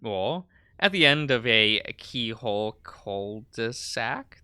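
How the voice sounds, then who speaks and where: Giggly man reading a visual novel slowly. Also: mid-range voice, animated, sharp tone, clear, resonant tone, dry recording. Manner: giggly and self-mocking. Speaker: game streamer.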